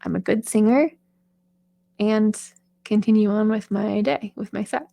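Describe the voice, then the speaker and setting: A woman's voice: medium pitch, a little slow, vocal fry, mellow, dry recording. A woman singer and vocal coach giving chatty, encouraging advice in a casual talk, with lots of fillers.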